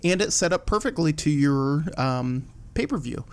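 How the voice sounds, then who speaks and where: A man hosting a casual wrestling podcast from home, animated, swearing and laughing as he acts out what others said. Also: fairly high pitch, moderate pace, clean tone. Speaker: podcast host.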